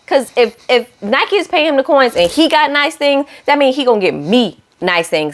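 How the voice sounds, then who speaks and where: A woman's voice: high voice, lively intonation, normal speed, hardly any pauses. A young woman giving a casual, sassy recap of a reality show, talking straight to her viewers and acting out what the cast said. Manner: acts out cast lines in shifting voices.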